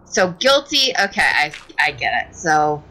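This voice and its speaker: A woman's voice: low-pitched, big pitch swings, bright, forceful tone, slight background noise, poor audio. A young woman hosting a game livestream, chatting and teasing her friend in a casual way. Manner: teasing, chatty, quick to tease and laugh. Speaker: streamer and host.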